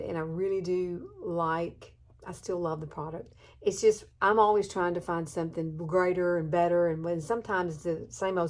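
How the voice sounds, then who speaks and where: A tired woman, chatting softly and at times haltingly through a makeup tutorial at home. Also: on the low side. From southern United States. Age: 50s. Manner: soft-spoken, hesitant, emotional at times. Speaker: beauty vlogger. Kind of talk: casual makeup tutorial chat.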